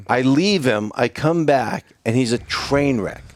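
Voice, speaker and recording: A man's voice: medium pitch, takes it slowly, dry recording. A middle-aged man, a podcast guest, telling a profane story with lots of swearing and acted-out dialogue. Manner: animated, swearing, acts out dialogue.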